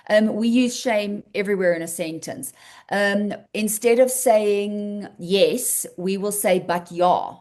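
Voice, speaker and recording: A woman's voice: medium pitch, measured pace, darkish tone. A South African woman leading an online writing workshop, explaining patiently and encouragingly with plenty of fillers over a video call. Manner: explanatory, encouraging, thinks aloud with many fillers.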